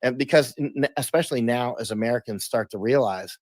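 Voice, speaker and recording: A man's voice: mid-range voice, a little fast, darkish tone, no echo. A man talking as an interview guest, emphatic, often restarting and repeating words. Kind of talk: casual interview talk.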